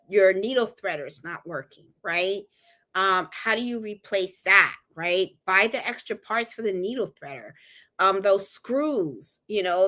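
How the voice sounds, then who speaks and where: A woman's voice: a little high, bright, forceful tone. A middle-aged woman from Puerto Rico hosting a sewing and embroidery livestream, chatting casually and talking straight to her viewers with plenty of fillers. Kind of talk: casual live-stream chat.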